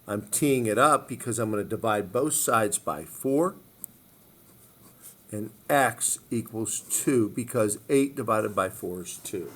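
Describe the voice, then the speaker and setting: A male math teacher talks through each equation step by step in an even, mid-range voice. He repeats key moves and keeps checking in with his students as he works. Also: mid-range voice. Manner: step-by-step, repeats phrases, frequent "okay?" check-ins. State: hiccups. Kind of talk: recorded math lesson walkthrough.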